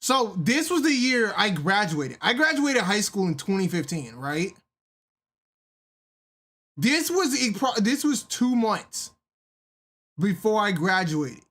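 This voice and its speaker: A woman co-hosting in casual reaction chat who is excitable and swears freely. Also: medium pitch, slow, long pauses.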